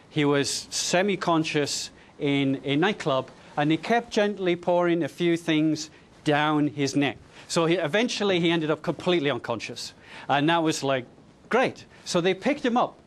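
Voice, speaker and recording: A man telling a funny anecdote to an audience, in a lively, chatty way with hesitations and repeated words. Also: a little high. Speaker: speaker.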